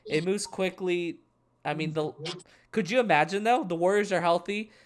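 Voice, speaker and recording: A man's voice: high-pitched, normal speed. A young man co-hosting a casual sports chat, rambling and restarting his thoughts mid-sentence. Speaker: podcast co-host.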